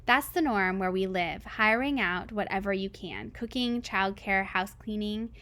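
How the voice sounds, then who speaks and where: Woman, audiobook-style reading, first-person story, steady, plain, mid-pitched. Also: unhurried. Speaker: reader. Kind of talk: reading a novel aloud.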